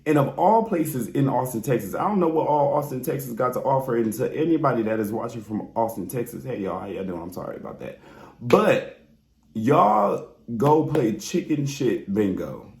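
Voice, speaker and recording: A man's voice: mid-range voice, brisk, a little mellow. A man giving a blunt, sassy, profanity-laced recap of a reality show, talking straight to his viewers. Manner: sassy, blunt and exasperated, swears freely, talks straight to viewers. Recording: roomy echoey room.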